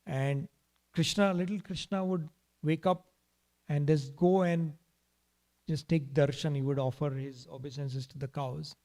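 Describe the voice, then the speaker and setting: A man's voice: fairly high pitch, steady tone, measured pace, dark tone. A man telling a devotional story in a temple class, in a casual way with frequent restarts. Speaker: speaker giving a scripture class. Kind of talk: storytelling sermon. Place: temple hall.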